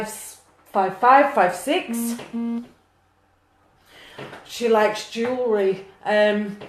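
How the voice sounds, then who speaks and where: A woman's voice: fairly high pitch, reverberant, slight background noise. A woman doing a live-streamed psychic reading, earnest and emotional, talking to viewers by name. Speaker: psychic medium.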